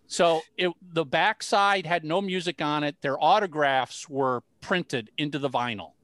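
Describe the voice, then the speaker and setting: A man from Minnesota hosting a podcast, telling jokey, animated stories in casual chat. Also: on the high side, a little slow, no echo. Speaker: podcast host.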